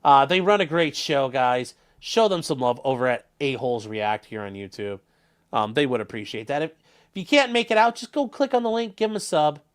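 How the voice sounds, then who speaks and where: A livestream host from Ohio with a Northern Ohio accent reads chat messages and jokes around loosely, swearing freely and rambling into asides. His medium-pitched voice is smooth and lively in intonation, at a moderate pace.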